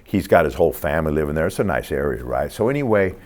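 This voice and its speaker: Gravel-deep profane man in his sixties. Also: sing-song, fast, darkish tone. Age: 60s. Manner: profane, streetwise; acts out the other people in his stories. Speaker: interview guest. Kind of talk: casual storytelling.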